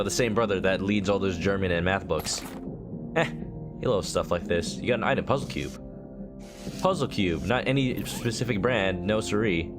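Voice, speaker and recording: A male game streamer reading game text aloud and joking, slipping into a mock southern drawl. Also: fairly low pitch.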